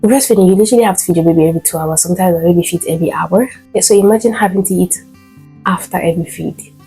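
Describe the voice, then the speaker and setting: A young woman vlogging casually about new motherhood, chatty with many fillers and sudden animated bursts. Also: fairly low pitch, rapid-fire, breathy edge, low-quality recording. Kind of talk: casual storytime vlog. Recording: faint guitar music behind.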